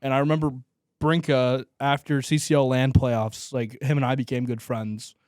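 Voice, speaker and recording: A young man co-hosting a podcast, telling stories in a relaxed, joking casual chat. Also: medium pitch, moderate pace, no room sound, studio quality. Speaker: podcast co-host. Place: small room, podcast setup.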